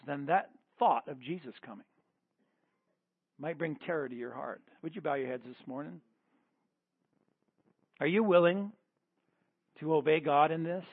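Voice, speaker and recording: Fervent high-voiced male preacher, tinny sound. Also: expressive, moderate pace, gravelly, long pauses, slightly rough, dry recording. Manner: fervent preaching, repeated calls and rising then dropping to hushed prayer. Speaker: pastor. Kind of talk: sermon with altar-call prayer. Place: church service.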